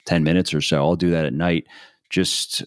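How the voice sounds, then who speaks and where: A man hosting a podcast, talking in a relaxed, hesitant way with many fillers. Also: deep voice, moderate pace, no room sound. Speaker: podcast host. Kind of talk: podcast conversation.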